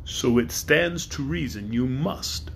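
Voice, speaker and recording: A man voicing a great chief dragon, speaking slowly and deliberately in a lowered voice. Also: a little hiss or hum. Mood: stern. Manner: slow, deliberate and low.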